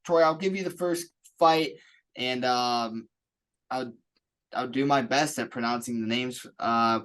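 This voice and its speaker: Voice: mid-range voice, fairly bright tone. A podcast co-host in casual chat, upbeat and joking while plugging the show. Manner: upbeat, jokey, plugs the show.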